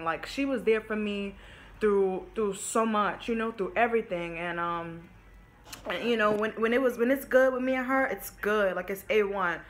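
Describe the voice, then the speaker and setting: A woman's voice: medium pitch, slight background noise. A young woman telling a personal story to her viewers in a casual vlog, candid and emotional, swearing freely and calling them her babies. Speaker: vlogger.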